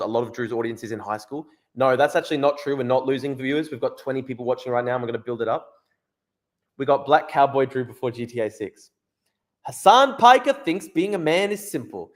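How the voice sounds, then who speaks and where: A young man hosting a casual livestream, reading chat and article lines, blunt and profane, often repeating himself. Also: medium pitch. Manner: blunt, swearing, quick asides; repeats phrases, restarts. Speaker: livestream host.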